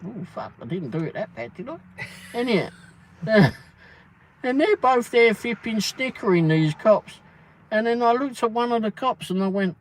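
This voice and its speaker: A man's voice: sits high, animated, normal speed, low-quality recording. Man swearing through a casual story. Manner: swears a lot and keeps saying "flipping". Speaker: livestream host.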